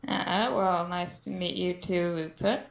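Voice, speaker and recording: A woman's voice: lowish voice, steady tone, a little slow, gravelly. A woman playing a tabletop game who talks casually and playfully, coaxing other characters while in role. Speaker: player. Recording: echoey room.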